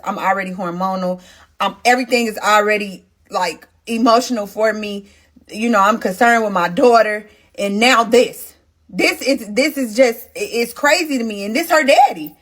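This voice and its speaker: In a casual storytime for her followers, a woman relives each twist of a personal story with animated emotion, frequently addressing viewers directly. Her voice sits at a typical middle pitch for a woman.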